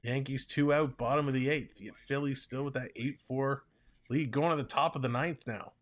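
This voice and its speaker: A man calling a ball game play-by-play on a live stream, chatting and reading viewer comments between pitches. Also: steady tone, normal speed. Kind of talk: casual play-by-play with chat reading.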